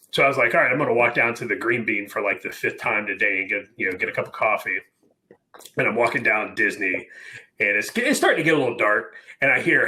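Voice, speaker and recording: A man co-hosting a casual podcast, telling an animated army story and swearing freely. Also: lowish voice. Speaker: podcast co-host. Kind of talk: casual chat.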